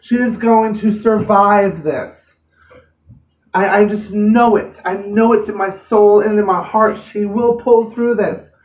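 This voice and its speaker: A woman's voice: mid-range voice, steady tone, slow, darkish tone. A woman giving an earnest, emotional personal vlog update, often repeating herself. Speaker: vlogger. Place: home room. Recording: roomy echo, mic at a distance.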